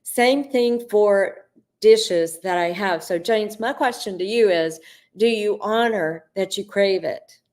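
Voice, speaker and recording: A middle-aged woman hosting a live Q&A on spiritual coaching, speaking earnestly and addressing viewers by name, with drawn-out, emphatic phrasing. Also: medium pitch, a little mellow. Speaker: host answering viewer questions.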